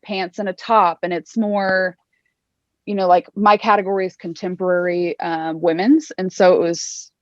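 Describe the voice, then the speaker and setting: A woman's voice: on the low side, fairly even intonation, no room sound. Chatty woman on a dull video call. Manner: chatty, upbeat, quick asides. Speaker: fashion designer guest. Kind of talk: interview over video call.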